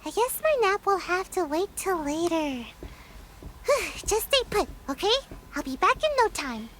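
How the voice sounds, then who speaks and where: A woman's voice: very high voice, very animated, measured pace, fairly bright tone, a little hiss or hum, exaggerated voice. A woman voicing a timid, sleepy little girl ninja in a game, who sighs and yawns. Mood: flustered. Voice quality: drowsy, sighing, yawning.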